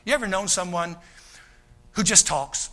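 Preacher guy, high pitched, real bright tone, folksy sermon, lots of repeats. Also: normal speed. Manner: animated, folksy, acts out quoted voices, many repeated starts. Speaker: pastor.

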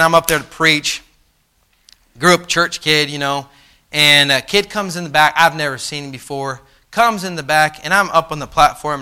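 A middle-aged man preaching a sermon, telling a personal story with animated swings from soft to loud, passionate outbursts. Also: on the high side, smooth. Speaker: pastor.

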